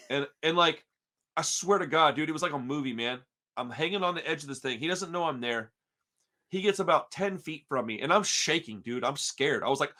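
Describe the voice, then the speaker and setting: Slangy storyteller from Texas, bright voice. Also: male voice, a little high, normal speed. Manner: slangy, peppers talk with "dude" and "bro"; animated, emotional storyteller. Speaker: podcast co-host. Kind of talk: casual storytelling chat.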